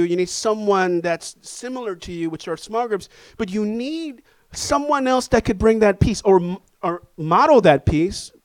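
In a high voice, a man serving as pastor delivers a sermon built around an animated personal story that pokes fun at himself. The recording is dry.

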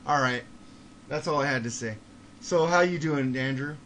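A man hosting a casual podcast, talking in a profane, excitable, ranting way. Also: mid-range voice, normal speed, a little hiss or hum. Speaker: podcast host.

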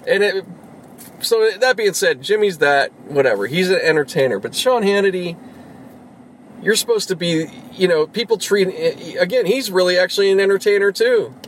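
A man's voice: high-pitched, animated, normal speed, slight background noise, poor audio. A man ranting casually, swearing often and rambling through half-finished thoughts. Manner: profane, rambling, exasperated. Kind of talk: casual rant.

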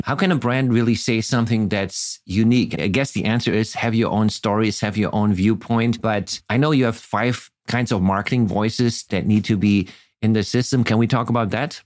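A man's voice: on the low side, no echo, studio quality. A man hosting a podcast, asking thoughtful questions in an easygoing way. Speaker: podcast host. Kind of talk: interview questions.

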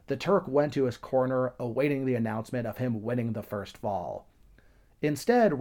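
A man hosts a history podcast, retelling events from old newspaper accounts. His voice sits at an ordinary middle pitch with a warm, mellow color. He drops in wry, sarcastic comments as he goes. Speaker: podcast host.

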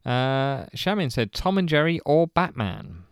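Guy reading out listener answers, dry wry humour, smooth clear voice. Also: medium pitch, very animated, a little slow, dry recording. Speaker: podcast co-host.

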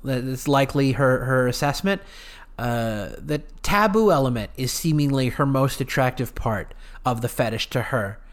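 A man's voice: medium pitch, moderate pace. Earnest man hosting a solo podcast. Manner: earnest, opinionated, thinks aloud with fillers. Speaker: podcast host.

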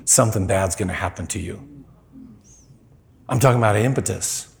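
A man's voice: fairly low pitch, brisk, gravelly, slight background noise. A middle-aged man preaching a storytelling sermon in a conversational way, acting out the voices in his story.

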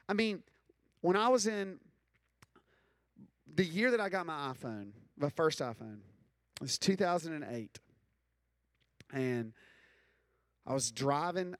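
A man's voice: on the high side, no room sound. A man in his thirties giving a casual, joking talk to a room of students, full of likes and ums. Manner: conversational, joking, lots of "like" and "um". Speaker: speaker addressing students. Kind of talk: casual talk to a live audience.

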